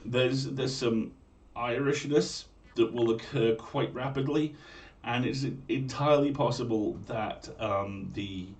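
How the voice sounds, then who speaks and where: A man with a Manx accent, hosting a livestream in a chatty, joking way with quick asides. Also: medium pitch, far from the mic. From Isle of Man. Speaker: streamer and storyteller host. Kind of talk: casual chat. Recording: voice from off-mic with faint room ambience.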